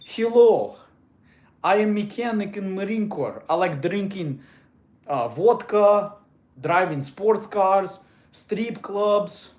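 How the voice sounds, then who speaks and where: A man putting on a slow, heavily accented male mechanic for a joke. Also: high-pitched, animated, roomy sound. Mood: boastful. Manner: slow, heavy put-on accent.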